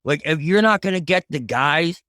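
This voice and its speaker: A man's voice: on the high side, lively intonation, normal speed, pushed and bright, no room sound, clean studio sound. A man co-hosting a casual sports podcast, talking earnestly and rambling through his opinions. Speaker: podcast co-host.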